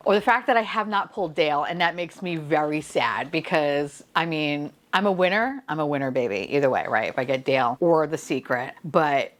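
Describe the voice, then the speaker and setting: A woman's voice: fairly low pitch, fairly bright tone. A woman chatting playfully as she unboxes toys on camera, swearing, laughing and dropping to whispers. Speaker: vlogger unboxing blind boxes. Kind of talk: casual unboxing chat.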